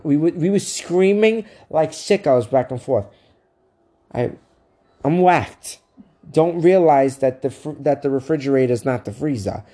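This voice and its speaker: A man co-hosting a podcast, telling a profane, animated story in casual chat. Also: on the high side, unhurried. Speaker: podcast co-host.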